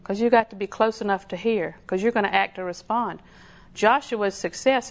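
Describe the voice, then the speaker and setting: Lady preacher, gravelly edge, folksy and repeats herself a lot. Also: medium pitch, normal speed. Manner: folksy storytelling with repetition. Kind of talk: sermon.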